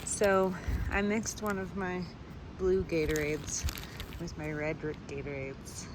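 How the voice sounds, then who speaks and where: Outdoor noise surrounds a woman's fairly low, level voice as she speaks slowly. She's a long-distance hiker vlogging candidly to camera on a mountain trail, venting her frustration simply and honestly.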